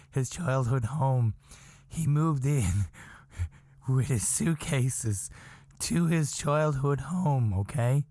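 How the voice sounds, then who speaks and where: A man hosting a podcast, telling a story in a casual, animated way, chuckling often, swearing, and insisting that it is true. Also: mid-range voice, dry recording, studio quality. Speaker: podcast host.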